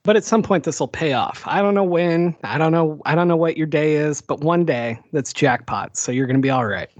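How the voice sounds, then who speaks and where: Higher-voiced man, dry close sound. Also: brisk, no echo, dull audio. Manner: laid-back, joking, swears casually. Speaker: podcast host. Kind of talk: casual conversation.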